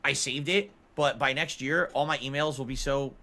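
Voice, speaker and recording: A man's voice: mid-range voice, fairly even intonation, moderate pace, sharp tone. A man chatting casually on a stream, answering chat messages in a musing, talkative way.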